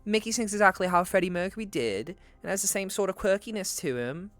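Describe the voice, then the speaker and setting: A man's voice: high-pitched, fast, fairly bright tone, dry recording, faint music behind, pitched above the performer's own voice. A man voicing a brash young Cockney chav woman in an exaggerated, sing-song put-on accent. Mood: mocking.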